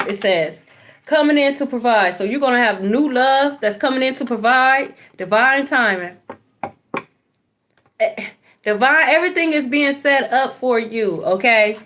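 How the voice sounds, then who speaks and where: Woman card reader, higher voice, blunt, preachy, profane, repeats lines for punch. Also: a bit bright, a little hiss or hum. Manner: repeats phrases for emphasis. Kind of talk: spiritual card reading monologue.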